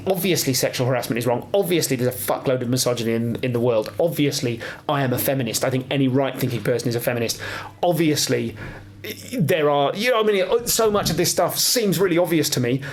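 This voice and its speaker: A man with a voice pitched a little higher than most men's. He delivers a candid podcast monologue that is earnest and impassioned, swears freely and turns self-deprecating as he reflects. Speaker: podcast host.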